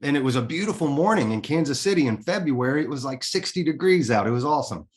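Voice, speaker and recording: A man's voice: fairly high pitch, animated, fast talker. A man as a podcast guest, telling a personal story in a candid, earnest way and swearing casually.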